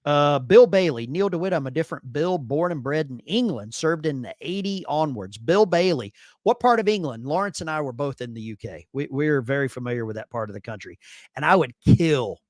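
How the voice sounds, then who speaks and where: A man's voice: on the high side, a little fast, no echo, clean studio sound. A man co-hosting a casual veterans' live stream, telling stories and acting out the people in them. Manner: animated, acts out quoted voices. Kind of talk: casual storytelling chat.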